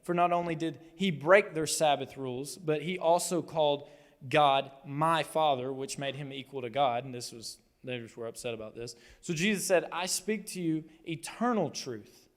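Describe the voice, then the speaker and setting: A man's voice: a little high, moderate pace. Guy preaching, casual storyteller vibe, acts out quotes, big echoey church hall. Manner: conversational, animated storytelling with acted-out quotes. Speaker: pastor. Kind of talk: sermon. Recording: long hall reverb.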